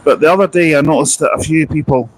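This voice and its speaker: A man hosts a casual live vlog outdoors at a bus station, talking earnestly and chattily into a handheld wireless mic and restarting often. His voice is on the high side and quick, and the poor audio carries a little hiss or hum.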